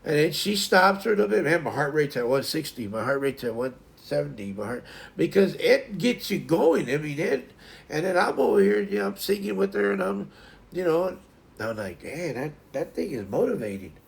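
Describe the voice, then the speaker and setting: A man's voice: a little high, sing-song, normal speed, vocal fry. A man hosting a casual morning livestream, chatting to viewers in a rambling way and often restarting his sentences. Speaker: livestream host.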